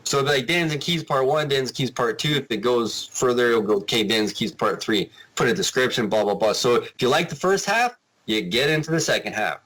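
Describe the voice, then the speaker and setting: A man guesting on a podcast in casual chat, rambling and animated, with frequent restarts. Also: mid-range voice, fairly quick, rough recording.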